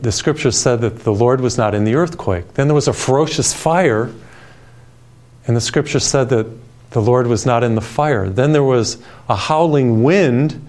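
A man preaching a televised sermon in a calm, gentle, soothing way, telling personal stories. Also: mid-range voice. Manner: storytelling with personal anecdotes.

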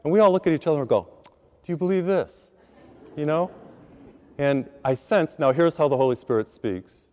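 A man, a priest, preaching a sermon as a lively, self-deprecating story, acting out his own reactions. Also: on the high side, a little fast. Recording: long hall reverb.

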